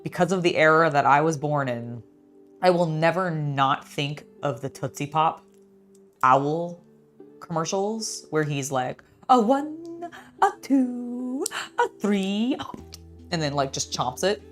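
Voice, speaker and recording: A woman's voice: sits low, measured pace, fairly bright tone, soft background music. A young adult woman in a casual building vlog, chatting in a rambling way with many fillers and talking to her cat. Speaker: LEGO builder and channel host.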